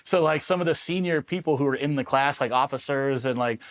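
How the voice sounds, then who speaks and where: Animated, profane storytelling veteran man. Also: medium pitch, fairly quick. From Los Angeles, USA. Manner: animated, profane, acts out quoted voices. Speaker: Army Ranger veteran guest. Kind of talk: casual storytelling in an interview.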